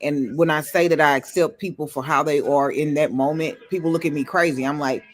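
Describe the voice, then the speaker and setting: Guy with a high voice and aave, co-hosting a podcast, laughs a lot, talks loose and playful. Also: a little fast, hardly any pauses. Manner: animated, joking, laughs often. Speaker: podcast co-host. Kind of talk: casual chat.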